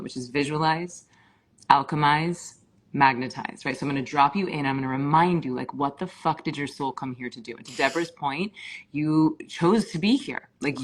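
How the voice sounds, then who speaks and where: A woman's voice: low voice, a little hiss or hum. A middle-aged woman speaking fervently on a live stream as a meditation teacher, swearing for emphasis. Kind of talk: impassioned live-stream talk.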